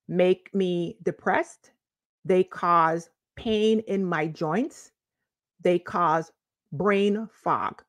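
A woman's voice: medium pitch, no room sound. Emphatic woman coach, dry close sound. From U.S. Virgin Islands. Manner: emphatic, repeats key points, chatty asides. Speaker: life coach. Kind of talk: direct-to-camera advice vlog.

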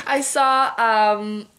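Giggly, slow-talking young woman vlogger. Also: fairly high pitch, a bit bright. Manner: gushing, giggly, lots of fillers. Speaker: beauty vlogger. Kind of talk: excited unboxing vlog.

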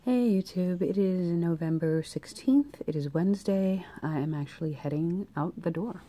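A woman's voice: on the low side, moderate pace, mellow. A young woman vlogging her outfits in casual chat, annoyed and ranting, with many fillers and restarts.

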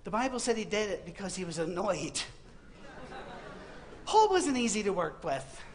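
In a university auditorium, with a faint crowd and a little hiss or hum audible, a middle-aged man speaks in a high voice at moderate speed. His humorous sermon brings Bible stories to life through jokey asides and acted-out quotations.

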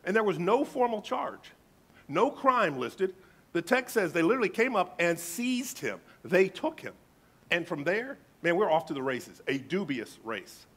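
A man's voice: sits high, big pitch swings, measured pace, slightly rough. A male pastor preaching a sermon, reading scripture emphatically and dramatically.

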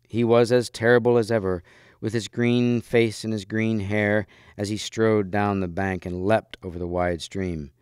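A man narrating a storybook in a measured, expressive voice. His tone is low-pitched, smooth and resonant. The sound is close and dry, with no room echo. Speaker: reader. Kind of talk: storybook read-aloud.

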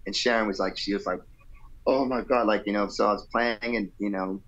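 A man's voice: lowish voice, quick pace, dull audio. A male rock singer telling a long, rambling story in a casual interview, playfully acting out other people's lines. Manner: animated, playful, acts out quotes with shifting voice; laid-back, rambling with fillers and "you know". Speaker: rock vocalist guest.

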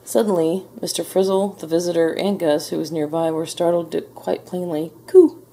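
A woman reading a children's picture book aloud in a gentle, measured storytelling manner. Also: fairly low pitch, little pitch movement, a little hiss or hum. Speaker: storybook reader. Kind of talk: children's read-aloud narration.

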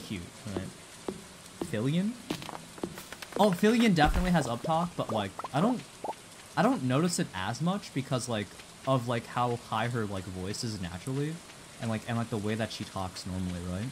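A man's voice: mid-range voice, a little fast. A young man streaming a game, chatting casually, rambling and restarting his sentences, swearing and reading chat aloud. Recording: steady background noise.

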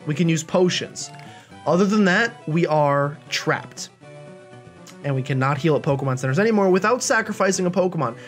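A chatty young man talks through a video game run in an animated, self-deprecating way. His voice sits high for a man, and faint game music plays under the commentary. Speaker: let's play host.

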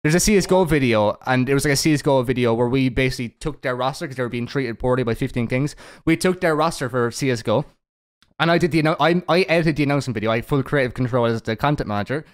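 A man hosting a casual podcast chat, ranting with heavy swearing and quick to laugh. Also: mid-range voice. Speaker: podcast host.

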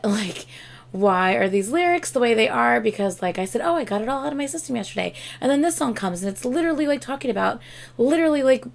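A woman's voice: a little high, vocal fry. A tired woman hosting a reaction video, talking casually, swearing freely and singing along.

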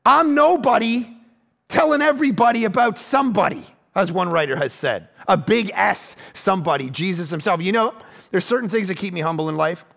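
Pastor, man, 40s, high gravelly voice, animated storytelling sermon with acted-out voices. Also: a little fast. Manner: self-deprecating and conversational.

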